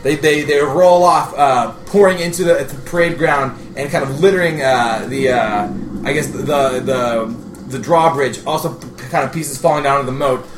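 A man narrating his character's actions in a tabletop game, halting with many fillers and restarts. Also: mid-range voice. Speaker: player. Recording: echoey room with clear background noise.

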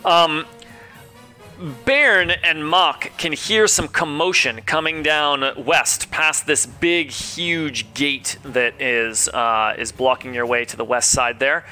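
A man running a tabletop game as game master, talking with many fillers and pauses. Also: on the high side, sharp tone, faint music behind. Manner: rambling, hesitant with many fillers.

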